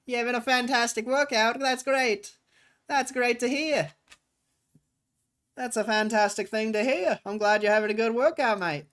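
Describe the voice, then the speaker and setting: A man voicing an over-friendly young British bloke with a put-on English accent, speaking in an exaggerated, drawn-out and overly polite way during casual livestream banter. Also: very high-pitched, fairly even intonation, fairly bright tone, pitched above the performer's own voice. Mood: smarmy cheerful.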